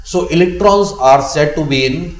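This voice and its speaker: A man's voice: on the high side, normal speed, roomy sound, rough recording. A man with an Indian English accent teaching chemistry in a classroom-style lecture, repeating key phrases as he explains.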